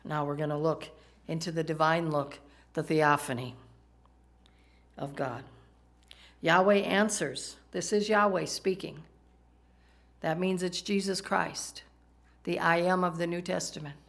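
A woman's voice: deep voice, steady tone, a little slow, vocal fry, pauses often. A woman preaching a sermon, talking conversationally and asking the congregation questions. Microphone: microphone, PowerPoint slides in a church.

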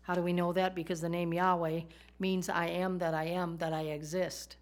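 A woman delivers a sermon with a somewhat low voice. She talks in a conversational way and keeps turning to her listeners with rhetorical questions. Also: little pitch movement, moderate pace. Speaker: Bible teacher.

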